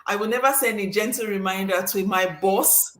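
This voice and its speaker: A woman from Nigeria hosting a casual chat, telling stories in an animated, exclamatory way. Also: mid-range voice, moderate pace, roomy sound. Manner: animated, exclamatory storytelling with laughs. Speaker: host.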